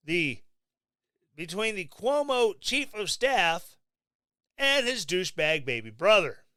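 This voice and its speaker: A man hosting his own podcast, giving sarcastic, mocking political commentary in a casual, animated way. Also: high-pitched, no room sound, clean studio sound. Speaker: podcast host.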